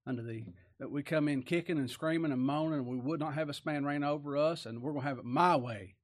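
A man preaching a sermon in a folksy way, asking rhetorical tag questions and moving between loud emphatic lines and quiet, slowed asides. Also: a little high.

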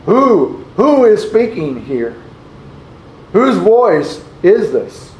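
A man preaching a sermon, slowly posing rhetorical questions and reading scripture aloud in old-fashioned wording. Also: high-pitched, sing-song, darkish tone. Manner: slow, deliberate, repeats rhetorical questions. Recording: roomy, dull lo-fi recording.

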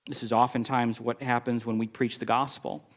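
A middle-aged man preaching a sermon, telling a story with animated, exasperated bursts. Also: moderate pace. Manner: animated storytelling, rising pitch when exasperated. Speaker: pastor.

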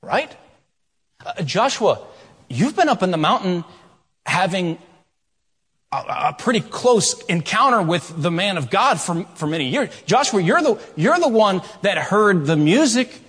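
Middle-aged guy preaching, kinda high voice, big echoey church hall, goes quiet then loud. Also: unhurried, husky. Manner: storytelling, animated, shifts from quiet asides to loud questions. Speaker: pastor. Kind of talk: sermon. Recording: long hall reverb.

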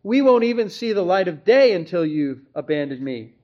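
A man delivers an expository sermon in a high, bright voice. He stays earnest and emphatic and often poses rhetorical questions to his listeners. The recording sounds a little dull and lo-fi. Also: very animated, normal speed. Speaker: pastor.

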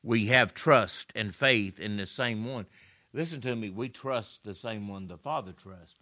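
A man's voice: fairly low pitch, unhurried, bright, forceful tone. A man preaching a sermon, telling scripture stories in a folksy way with emphatic rises and drops.

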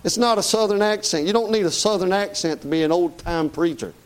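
A man's voice: high voice, fairly quick, poor audio. A man preaching a sermon to a congregation in a church, emphatic and folksy, firing off rhetorical questions and calling for amen.

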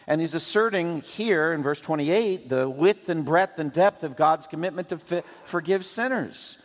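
A man preaching a sermon as a pastor, teaching in a measured, emphatic way. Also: on the high side. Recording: long hall reverb.

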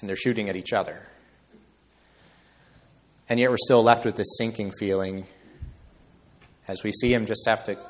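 A male preacher delivering an evening sermon at a middle pitch. He drives his points home by climbing higher and louder. He draws key phrases out slowly for emphasis. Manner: emphatic, rising high and loud on key points, slowing words for weight.

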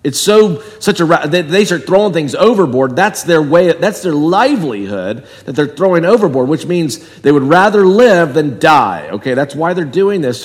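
Animated preaching man in a reverberant church. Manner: conversational with wide swings in pitch and volume. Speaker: pastor. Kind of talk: sermon. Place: church sanctuary.

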